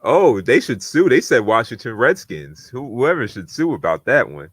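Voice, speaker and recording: A man co-hosting a podcast in casual sports chat, quickly grading games one after another in a lively way. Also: medium pitch, slightly rough, dry recording. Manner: animated, grading each game in a quick list. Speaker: podcast co-host.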